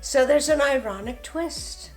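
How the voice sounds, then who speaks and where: A woman's voice: sits high, unhurried. Dry, blunt woman co-hosting a chat. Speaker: co-host, the host's mother. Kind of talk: casual chat. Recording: echoey room with faint music.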